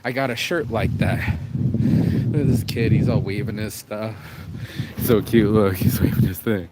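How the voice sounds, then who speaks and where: A man's voice: fairly low pitch, moderate pace. A man in an emotional vlog, talking raw and rambling through tears and laughs while out in the rain on a street. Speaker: vlogger. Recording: noisy outdoor street recording. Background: street noise and passing vehicles.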